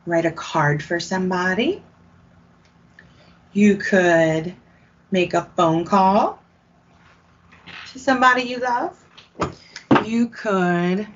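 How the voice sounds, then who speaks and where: A woman music teacher talks children through a lesson in a slow, unhurried, encouraging way, counting out rhythm syllables as she goes. The recording is a little dull and lo-fi. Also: mid-range voice.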